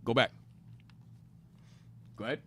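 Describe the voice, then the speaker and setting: A man's voice: unhurried, fairly bright tone. A man leading an interactive Bible lesson. He explains each passage, repeats the key points with emphasis, and keeps prompting his reader to go on. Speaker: Bible class teacher.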